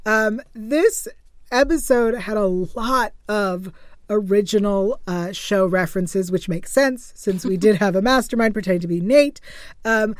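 A woman's voice: mid-range voice, a little slow, no room sound, clean studio sound. A woman co-hosting an after-show podcast, recapping an episode in a casual, chatty way with frequent fillers and small laughs. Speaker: podcast co-host.

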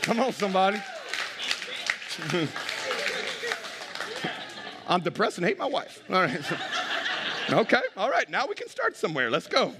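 Energetic high-voiced male pastor preaching. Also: measured pace, pauses often, in a large hall, a loud crowd, very noisy. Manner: energetic, humorous, rising to shouts. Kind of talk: sermon. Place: large church.

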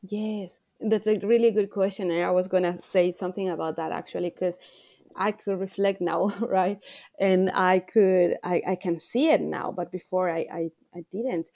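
A woman's voice: lowish voice, steady tone, moderate pace, gravelly, dark tone, dry recording, studio quality. A woman coach speaking as a podcast guest, earnest and reflective, repeating phrases for emphasis. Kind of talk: podcast interview.

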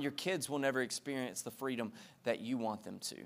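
A man's voice: medium pitch, fairly quick. A male pastor preaching a sermon with impassioned, emphatic repetition, speaking directly to his congregation.

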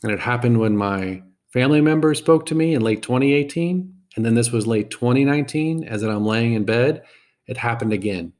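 A man hosting a podcast, telling a personal story in a reflective, halting way and often repeating words. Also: mid-range voice, lively intonation, darkish tone.

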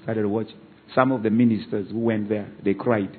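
A male pastor preaching a sermon, leading the congregation in call-and-response and swinging from loud exhortation to quiet asides. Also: lowish voice, level tone, normal speed, husky. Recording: phone-like narrow band.

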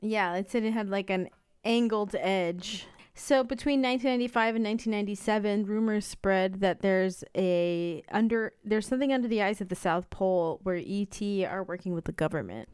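A woman co-hosts a podcast and fills in the details of a story in relaxed chat, often saying "like". Her voice is clear and smooth. The recording is dry and close, with no room sound. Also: mid-range voice, normal speed, dry recording. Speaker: podcast co-host. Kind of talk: casual chat retelling a story.

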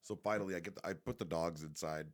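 Deep-voiced man, rambling profane storytelling. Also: fairly even intonation, fast. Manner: rambling, heavily profane, joking. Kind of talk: casual storytelling.

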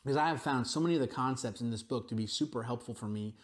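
A man preaching a sermon, telling stories in a relaxed, conversational way with frequent asides to the congregation. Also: mid-range voice, racing. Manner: conversational storytelling with frequent "right?" and "you know". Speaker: pastor.

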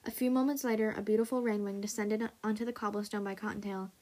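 A woman hosting a story podcast, reading a story aloud in a steady, even way. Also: mid-range voice, fast, slight background noise.

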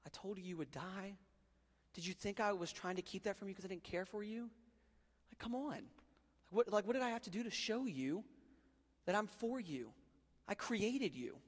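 A patient, disappointed heavenly father, as a preacher puts him on in the middle of a sermon, pleads softly rather than raging. The voice sits a little high for a man. It rings with the long reverb of a big hall. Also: normal speed, long pauses. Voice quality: calm, pleading, never loses his temper. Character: patient, disappointed God the Father speaking to his child.

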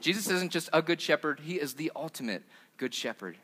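A man's voice: on the high side, lively intonation, brisk, a bit bright, breathy edge. A young man, a pastor, giving a sermon in a conversational way with frequent fillers.

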